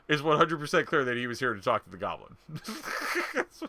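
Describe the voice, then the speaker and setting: A man's voice: fairly high pitch, very animated, fairly quick, sharp tone, dry recording. A man narrating as game master of a tabletop game, rambling with frequent fillers and laughs.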